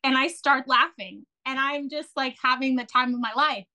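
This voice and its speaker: A woman telling a long personal story as a podcast guest, chatty and animated, with many fillers and restarts. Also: high voice, moderate pace. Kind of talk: casual storytelling.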